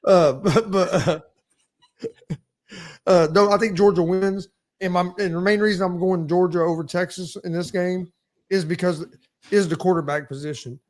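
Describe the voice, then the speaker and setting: A man's voice: sits high, steady tone, moderate pace, a little mellow. A man co-hosting a sports podcast, giving his picks with lots of repeats and teasing. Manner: repeats himself, ribs his co-hosts. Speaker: co-host. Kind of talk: casual sports podcast banter.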